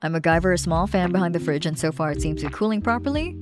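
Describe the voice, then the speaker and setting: Chatty, animated woman streamer. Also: on the low side, racing, few pauses. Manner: chatty and playful, reads aloud then jokes. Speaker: streamer and artist. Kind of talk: casual livestream chat while drawing. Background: background music.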